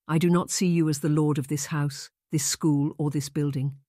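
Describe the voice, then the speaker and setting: A man doing an earnest young woman in an audiobook, her lines lifted higher than the narrator's own voice and a little shaky. She addresses her superior with careful, deferential politeness. The sound is dry and close. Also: level tone, normal speed, dark tone, dry recording, lightly acted. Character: young destitute woman, earnest governess trainee. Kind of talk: audiobook character voice.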